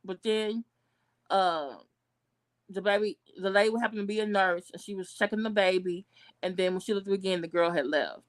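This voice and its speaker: Woman vlogger, livestream commentary; outraged, cursing freely, animated outbursts. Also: normal speed. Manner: blunt, outraged and profane; animated, with sudden high outbursts.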